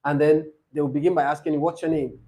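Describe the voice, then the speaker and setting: A man's voice: fairly high pitch, little pitch movement, fast talker, warm tone. A man tutoring a speaking-test session, explaining patiently and repeating his examples. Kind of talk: classroom coaching.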